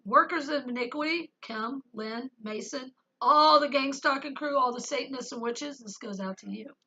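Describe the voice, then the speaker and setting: A woman's voice: sits high, moderate pace, bright, forceful tone, muffled recording. A woman giving an emotional personal testimony as a Christian vlogger, speaking emphatically and reading scripture aloud with rising intensity.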